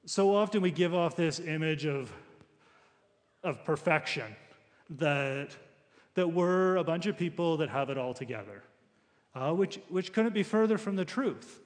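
A man delivers a sermon in an easygoing, conversational way, often restarting his sentences as he works through a passage. His voice sits a little high for a man. The sound rings with the long reverb of a large church hall. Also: lively intonation, a little slow. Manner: conversational preaching with frequent restarts. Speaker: pastor.

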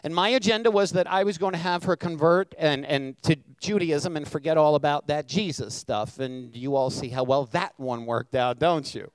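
Brooklyn-raised man preaching a lively testimony. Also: fairly high pitch, normal speed, hardly any pauses, smooth, dry recording, poor audio. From Brooklyn, New York. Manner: humorous storytelling with call-outs to the congregation. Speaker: guest preacher. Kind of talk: sermon testimony. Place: church sanctuary.

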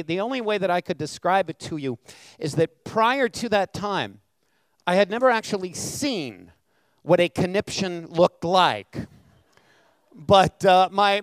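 A man's voice: a little high, smooth, dry recording, poor audio. A man in his fifties from Brooklyn, a guest preacher telling his testimony to a congregation with humor and call-outs. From Brooklyn, New York. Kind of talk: sermon testimony. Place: church sanctuary.

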